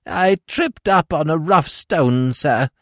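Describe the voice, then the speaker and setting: A man's voice: fairly high pitch, animated, takes it slowly, no room sound, clean studio sound, pitched above the performer's own voice. A man voicing a whining old woman beggar with a sing-song, pleading voice in a narrated story. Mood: whining plea.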